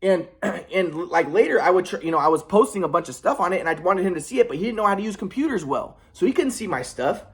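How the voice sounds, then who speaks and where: Agitated young man ranting fast. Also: sits high, expressive, fairly bright tone. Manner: agitated, rambling, with swearing. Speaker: vlogger. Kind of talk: casual monologue.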